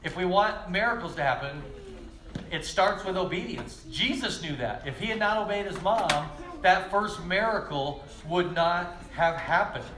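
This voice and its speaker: A man teaching children at church, telling stories lively and speaking straight to the kids. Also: sits high, measured pace. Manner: lively, storytelling, addresses kids directly. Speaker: children's pastor. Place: church kids' room. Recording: echoey room with faint ambience.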